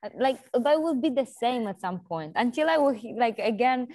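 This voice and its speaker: A woman interviewer who talks haltingly, searching for words with many restarts. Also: on the high side, expressive, darkish tone, no room sound. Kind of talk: casual interview conversation.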